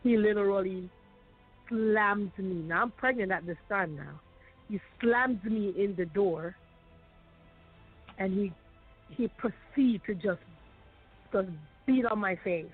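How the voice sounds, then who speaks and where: A woman sharing a painful personal testimony as a guest, halting and repeating her phrases. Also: mid-range voice, breathy edge. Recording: tinny phone line, faint music.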